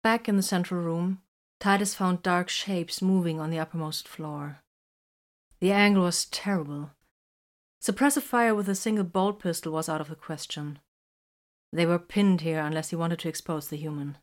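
Female narrator, lowish voice, measured scripted storytelling.

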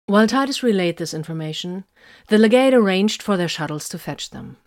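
A woman narrating an audiobook in a steady, even storytelling manner. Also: mid-range voice, a little fast.

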